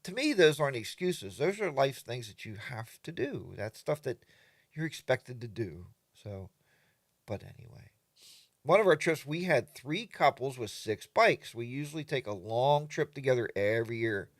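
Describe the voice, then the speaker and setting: Brief: older male livestream host, chatty and animated, dry close sound. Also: mid-range voice, moderate pace, no room sound. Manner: animated, mimics other riders in exaggerated voices. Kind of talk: casual live chat reading viewer comments.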